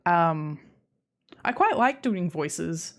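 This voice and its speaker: On a live stream, a young Australian woman chats casually with viewers in a fairly low, expressive voice, drawing out her words. She rambles, cuts herself off, and restarts sentences with a giggle.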